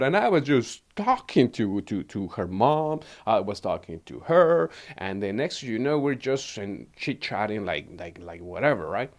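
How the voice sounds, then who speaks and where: Animated Mexican-accented man telling a story. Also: medium pitch. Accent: Mexican Spanish. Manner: animated, laughs often, repeats words. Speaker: wellness livestream host. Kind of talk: casual personal storytelling.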